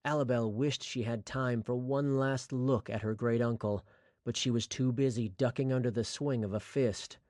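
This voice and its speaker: A man narrating a fantasy audiobook in a steady, scripted storytelling voice. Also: medium pitch, moderate pace, no room sound, studio quality.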